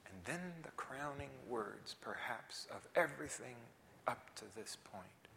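A male preacher giving a sermon, swinging between shouted emphasis and hushed whispers. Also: mid-range voice, expressive, unhurried, gravelly, a little hiss or hum. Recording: reverberant hall.

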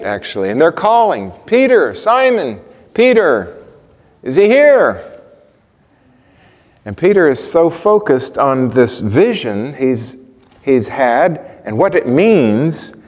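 A man's voice: mid-range voice, a little mellow. Man preaching in a reverberant hall. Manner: conversational, asks the congregation questions. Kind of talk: sermon. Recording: long reverb of a large hall.

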